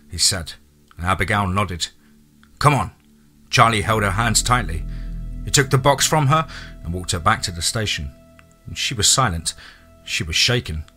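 A man narrating a horror story theatrically, dropping low and quiet for suspense. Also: slightly rough.

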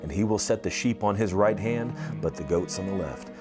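Deep-voiced male co-host, calm measured scripture reading, music underneath. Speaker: Bible teacher, co-host. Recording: music playing behind the voice.

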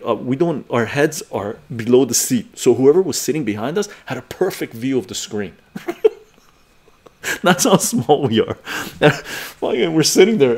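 A man's voice: mid-range voice, a little mellow, slightly rough. A man in his forties, a live stream host, telling a story casually, laughing often and swearing freely.

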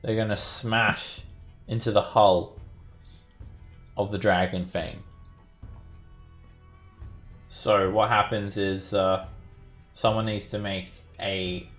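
A man's voice: fairly low pitch, fairly even intonation, slow pace, long pauses, a bit bright, soft background music. A man running an online tabletop game as dungeon master, narrating combat with frequent fillers. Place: home setup, playing online.

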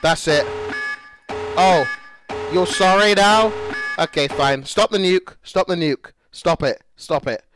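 A young man livestreaming, excitable and swearing as he talks to his chat. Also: high-pitched, slow, no echo. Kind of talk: casual livestream chat to viewers.

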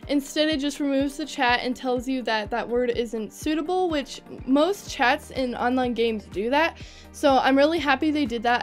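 Excitable high-voiced young woman gamer. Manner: chatty, excitable and rambling. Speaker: gaming video creator. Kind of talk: casual game commentary.

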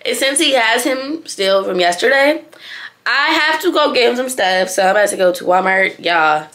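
A woman's voice: fairly high pitch, animated, moderate pace, a bit bright. A young woman vlogging in a casual, chatty way, talking straight to her viewers as a mother.

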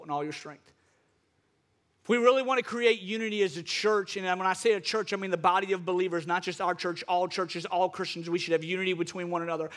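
High-voiced, fervent male preacher. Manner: impassioned, repetitive exhortations. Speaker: pastor. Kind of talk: sermon.

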